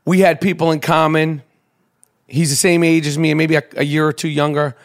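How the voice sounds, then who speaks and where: A man from Brooklyn, hosting a podcast and telling a boastful, profanity-laden story in an animated rant. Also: on the high side, a little fast. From Brooklyn, New York. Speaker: podcast host.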